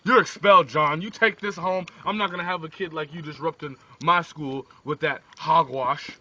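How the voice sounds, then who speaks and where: A man voicing a strict, middle-aged school principal who blusters and shouts in outrage, on a distant lo-fi phone video. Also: on the high side, steady tone, moderate pace. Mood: outraged.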